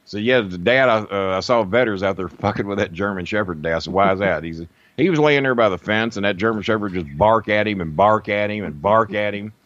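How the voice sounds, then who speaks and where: Man, podcast guest, low voice, lively profane storyteller, dull lo-fi sound. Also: a little fast, few pauses, no echo. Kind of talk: casual storytelling.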